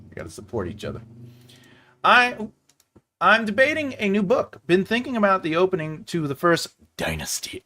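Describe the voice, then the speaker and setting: A man hosting a loose live stream about writing, slightly high-pitched and swinging his voice up and down with a lot of life. He rambles playfully and repeats phrases just for fun while he chats with viewers. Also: wildly swooping pitch, normal speed, pushed and bright. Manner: chats to live viewers and reads their comments. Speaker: livestream host for a writing channel.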